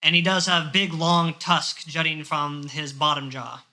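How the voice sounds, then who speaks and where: A man narrating a tabletop game as game master in a loose, halting way. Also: a little high, little pitch movement, sharp tone.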